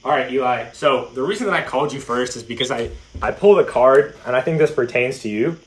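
A man's voice: medium pitch, fast talker, low-quality recording. A young man hosting a casual podcast, laid-back and a little hesitant, with frequent fillers. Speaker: podcast host. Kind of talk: casual chat.

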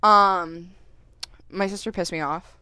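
A woman's voice: lowish voice, slow pace, clear, resonant tone, no room sound. A woman co-hosting a podcast, ranting in casual chat with heavy swearing and quoted voices. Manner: profane, animated storytelling with quoted voices. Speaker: podcast co-host.

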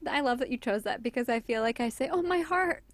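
A woman's voice: a little high, fairly even intonation, fast. A woman hosting a podcast in casual chat, gushing and reacting with gasps and exclamations. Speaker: podcast co-host.

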